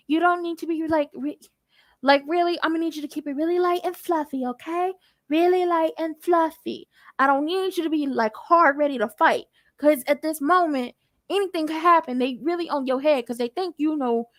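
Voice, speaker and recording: A woman giving a casual TV episode recap, sassy and animated with playful asides. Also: sits high, dry recording. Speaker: TV recap YouTuber.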